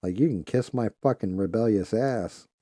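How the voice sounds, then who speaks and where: A man's voice: lowish voice, normal speed, dark tone, no room sound, studio quality. A man hosting a live stream, talking bluntly and profanely in casual chat. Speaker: live show host.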